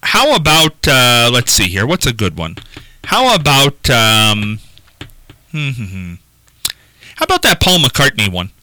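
Lively-voiced teasing male radio host. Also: medium pitch, unhurried, pauses often, dry recording. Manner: teasing, pushy, keeps steering the talk. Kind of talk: casual on-air banter. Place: radio studio.

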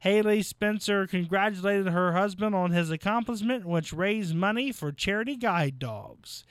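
A man's voice: sits high, moderate pace, clean tone, no room sound. A man hosting a local radio call-in trivia show, friendly and chatty with callers.

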